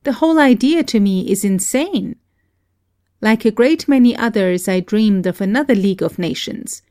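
Woman narrating in a dry, steady voice. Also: medium pitch, moderate pace, no echo. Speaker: audiobook reader. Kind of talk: scripted narration of a memoir.

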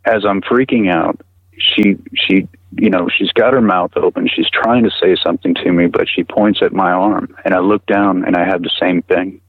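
A middle-aged man recounting a personal experience as an interview guest, halting and earnest, often repeating words as he talks. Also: low-pitched, steady tone, slightly rough, dry recording, phone-quality sound. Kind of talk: personal account in conversation.

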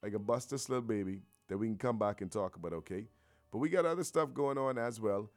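A man's voice: lowish voice, quick pace. A man hosting a morning radio show, talking loosely and playfully with slang and rambling asides. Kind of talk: casual radio chat.

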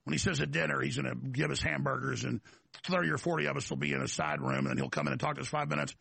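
A man's voice: mid-range voice, animated, fast talker, vocal fry, pushed and bright, breathy edge, no echo. A man hosting a talk show, delivering a rambling, emphatic political monologue full of restarts and repeated words.

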